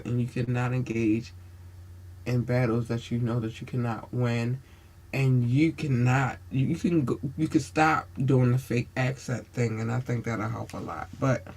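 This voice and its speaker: A man hosts his own podcast and hands out blunt advice like a sermon. His voice sits at an everyday middle pitch. He swears freely and calls his listeners baby. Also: vocal fry, a little mellow. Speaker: podcast host. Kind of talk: casual advice monologue.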